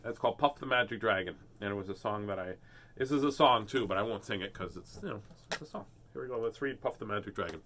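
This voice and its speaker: A middle-aged man with a bright, forceful voice tells a rambling personal story in an animated, casual way, chuckling as he goes. He then reads a children's picture book aloud for his listeners. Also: fairly low pitch, quick pace, slight background noise. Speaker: host reading children's books.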